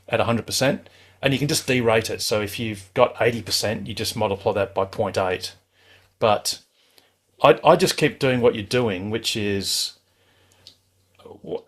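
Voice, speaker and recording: Male host, lower register, easygoing and reassuring, restarts a lot. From Australia. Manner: relaxed, chatty, reassuring, many restarts. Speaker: club host. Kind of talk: casual advice on a live call-in show.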